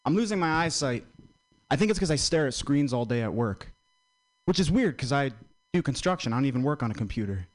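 A man's voice: medium pitch, animated, a little fast. A man doing stand-up one-liners with a bouncy delivery. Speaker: stand-up comedian.

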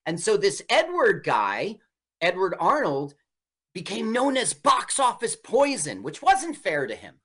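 A man's voice: high-pitched, huge pitch swings, a little slow, bright, forceful tone, slightly rough. A man co-hosting a casual movie commentary, chatting through film history. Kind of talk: casual chat over a movie.

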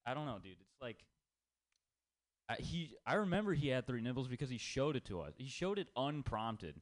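A young man doing a rambling, self-deprecating stand-up set full of swearing, at an open mic in a small comedy room. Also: medium pitch. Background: small audience.

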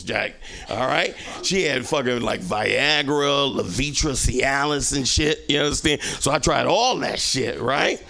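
A man's voice: medium pitch, measured pace, creaky, pushed and bright, no room sound. A male stand-up comedian doing a rambling, profane set and teasing the audience. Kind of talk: stand-up set with crowd work.

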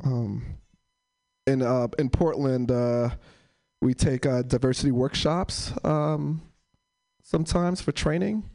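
A young man doing stand-up, telling stories and acting out characters in a high voice. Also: slow, creaky, pauses often. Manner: animated, acts out characters in a high voice. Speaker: stand-up comedian. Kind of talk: stand-up storytelling.

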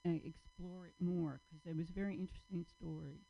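A woman's voice: lowish voice, fairly even intonation, fairly quick, creaky. A woman hosting an open mic, hesitantly encouraging as she gives comedians feedback. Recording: lo-fi live club recording.

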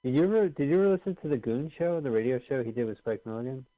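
A man's voice: medium pitch, lively intonation, dry recording, narrow, tinny audio. A man co-hosting a radio show, chatting casually, joking and laughing easily. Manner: jokey, laughs easily, quick puns. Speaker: radio co-host.

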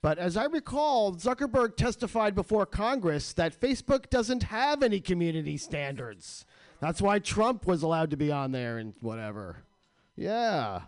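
A man's voice: sits high, sing-song, normal speed, dry recording. A man hosting a radio show, ranting with crude, sarcastic comedy in a studio.

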